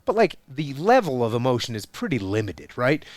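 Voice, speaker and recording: A man's voice: mid-range voice, sing-song, normal speed, no echo. Emphatic man in his forties explaining. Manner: emphatic, explanatory, building points with repetition. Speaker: podcast guest, former SEAL leader. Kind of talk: casual podcast conversation.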